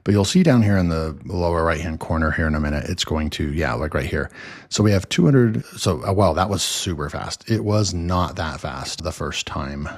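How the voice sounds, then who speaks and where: Deep low guy doing a casual screen tutorial, lots of ums and restarts. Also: lively intonation, moderate pace. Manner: rambling, with many fillers and restarts. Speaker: software reviewer.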